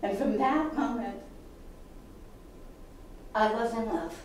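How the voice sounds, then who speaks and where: A woman performing a solo storytelling piece on stage, animated and expressive, sometimes dropping to a hush. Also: on the high side, slow, a little hiss or hum. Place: theater stage. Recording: echoey hall from a distance.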